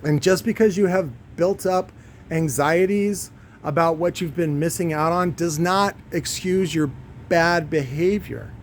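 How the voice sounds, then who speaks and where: A man's voice: on the high side, a little slow, slight background noise. A man who owns a shop, rambling and ranting through a one-take vlog, swearing freely as he goes. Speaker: shop owner vlogging. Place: his shop.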